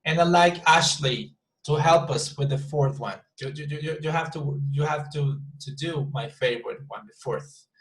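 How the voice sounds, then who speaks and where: A man teaching an online English class, patiently repeating example sentences slowly with the stress moved around. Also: fairly high pitch, a bit bright, low-quality recording.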